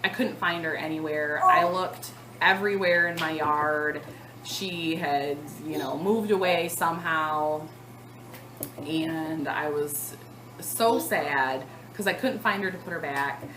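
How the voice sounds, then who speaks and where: A woman in her thirties telling a long story to the camera in a casual vlog, chatty and animated, with lots of fillers. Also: low-pitched, takes it slowly, reverberant, a little hiss or hum, rough recording. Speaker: cross-stitch vlogger.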